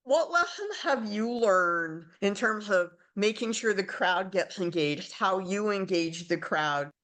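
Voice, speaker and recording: A woman's voice: mid-range voice, expressive, slow pace, fairly bright tone. A woman hosting a podcast, who sets up her questions conversationally with a premise before asking. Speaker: podcast host. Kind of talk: interview questions.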